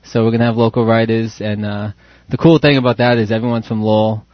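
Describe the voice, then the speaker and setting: A man guesting on a casual podcast, talking hesitantly with many pauses and fillers. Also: on the low side, level tone, no room sound. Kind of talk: casual interview chat. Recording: dull lo-fi sound, dry.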